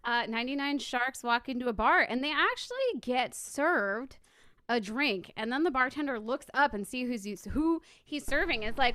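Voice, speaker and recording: A woman's voice: sits high, animated, moderate pace, fairly bright tone, no echo, studio quality. A woman telling improvised jokes over a video call with a giggly manner. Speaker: improv performer.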